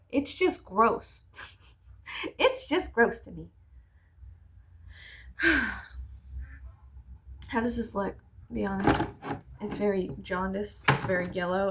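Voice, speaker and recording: A woman's voice: mid-range voice, lively intonation, slow pace, vocal fry, pauses often, fairly bright tone, a little hiss or hum. A woman in her thirties telling a rambling, profane, sarcastic story-time vlog while doing her makeup. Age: 30s. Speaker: vlogger.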